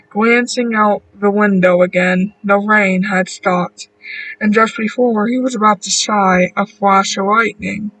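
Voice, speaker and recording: A man narrates a horror story at an unhurried, careful pace, sometimes going back over a word. His voice is high and bright. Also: distant mic, poor audio. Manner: slow, deliberate reading with small restarts.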